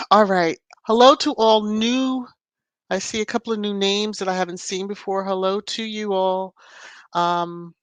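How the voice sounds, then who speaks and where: A woman chatting through a casual livestream, unhurried and a little low in pitch. She greets viewers by name, laughs easily and keeps things warm and talkative. The sound is dry and close. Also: no echo. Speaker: livestream host.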